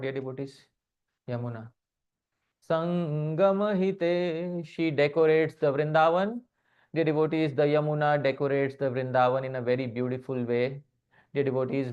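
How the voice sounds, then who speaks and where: A man giving a devotional lecture on poetry who keeps addressing his listeners as dear devotees, asks them questions and chants verses slowly before translating them. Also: medium pitch, a little mellow, clear, resonant tone. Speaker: speaker giving a scripture class. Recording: slightly muffled recording.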